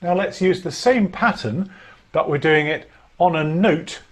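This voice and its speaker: A man coaching singers through a vocal warm-up, giving clear instructions and demonstrating breaths and lip trills. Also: on the high side, unhurried, a little hiss or hum. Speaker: choir director. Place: home during lockdown.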